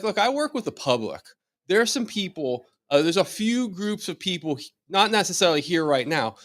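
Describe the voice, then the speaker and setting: A man's voice: fairly high pitch, fairly bright tone, no echo. A middle-aged man, a chiropractor, leading a wellness workshop in a chatty, joking way, with many rhetorical questions and frequent restarts. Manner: repeats words when starting sentences. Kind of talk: informal live workshop talk.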